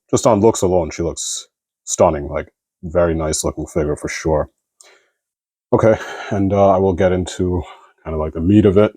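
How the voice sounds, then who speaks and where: A man giving a relaxed, rambling review of an action figure as a channel host, with plenty of fillers like "kinda" and "you know.". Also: deep voice, no echo. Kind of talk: casual product review.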